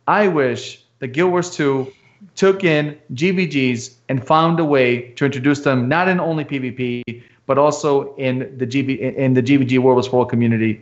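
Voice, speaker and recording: A man co-hosting a casual gaming podcast, ranting in a heated, animated way. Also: mid-range voice. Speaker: podcast co-host. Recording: muffled lo-fi audio.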